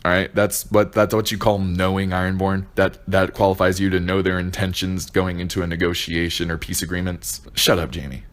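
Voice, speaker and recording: A man's voice: sits low, fairly even intonation, a little fast, few pauses. A young man ranting a sarcastic, profanity-filled review with bursts of exasperation. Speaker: video reviewer.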